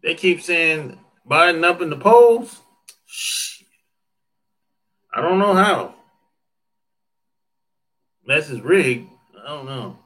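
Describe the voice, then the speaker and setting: A man's voice: fairly high pitch, animated, takes it slowly, pauses often, a bit bright. A man chatting casually on a livestream, joking, swearing freely and laughing often as he answers viewer comments. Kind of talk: casual chat.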